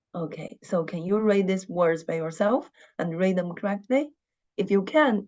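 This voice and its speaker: A woman teaching an online language class, speaking slowly and patiently and having students repeat after her. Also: fairly low pitch, a little mellow, muffled recording. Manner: slow, patient, repeats words for students to echo.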